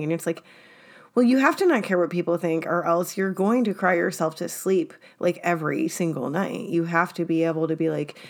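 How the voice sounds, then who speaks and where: A woman's voice: lowish voice, darkish tone. A woman in casual podcast talk, thoughtful and searching for her words. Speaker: podcast guest poet and comic.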